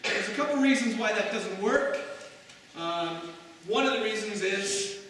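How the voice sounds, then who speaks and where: Heard from a distance in an echoey church hall, this Canadian man is preaching in the sanctuary, talking conversationally and aiming rhetorical asides at the congregation. His high voice is animated and fairly bright, and his delivery runs a little slow. There is a slight hiss or hum.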